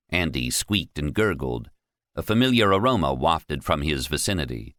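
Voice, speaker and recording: A man narrating an audiobook in a measured, steady storytelling way. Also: very deep voice, dry recording, clean studio sound. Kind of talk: scripted narration.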